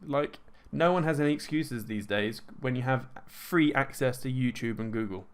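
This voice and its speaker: A man talking casually and at length in an energetic, self-assured way, full of fillers and restarts. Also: medium pitch, moderate pace, clean tone. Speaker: host answering viewer questions. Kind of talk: casual monologue.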